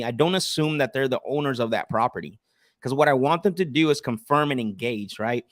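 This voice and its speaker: A male sales coach leads a live session, making cold calls and breaking them down for viewers. He speaks firmly and assertively at an ordinary pitch, often starting his sentences over. The sound is dry and close, with no room echo. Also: fairly quick, fairly bright tone. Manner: assertive, teaching tone with frequent restarts.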